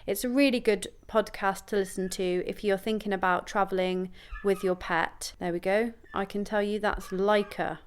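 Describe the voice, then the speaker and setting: A woman's voice: medium pitch, steady tone, normal speed, hardly any pauses, clear, resonant tone. A young British woman hosting a podcast, talking to her listeners in a cheerful, upbeat way. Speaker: podcast host. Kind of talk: podcast monologue and phone interview.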